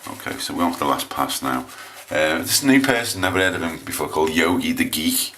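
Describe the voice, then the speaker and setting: An English man with a low voice chatting casually while he shaves on camera, rambling and hesitant with lots of restarts. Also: animated, quick pace, sharp tone, slight background noise. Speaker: shaving vlogger.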